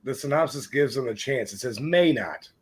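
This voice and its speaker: A man's voice: mid-range voice, lively intonation, moderate pace, husky, dry recording. A man playing a trivia game who makes dry jokes about the clues. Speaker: quiz contestant. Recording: loud crowd noise behind.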